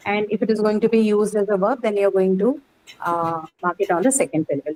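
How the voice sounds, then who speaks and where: A woman teaching an English class, explaining slowly and checking in with "right?" after each point. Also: mid-range voice, darkish tone, slight background noise, rough recording. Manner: explains patiently, says "right?" often. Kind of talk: online class lecture.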